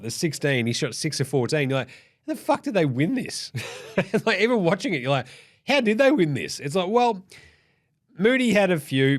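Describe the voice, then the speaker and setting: A man hosting a casual, sweary sports recap. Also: a little high. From Australia. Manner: sweary, blunt, animated. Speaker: host.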